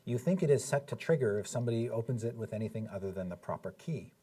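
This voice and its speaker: A man serves as dungeon master, narrating a frozen scene in a steady, descriptive way with plenty of fillers. His voice is husky and middle-pitched. He sits a little back from the microphone. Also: dry recording, recorded from a distance. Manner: descriptive, measured, frequent uh fillers. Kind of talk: narrating a live tabletop game.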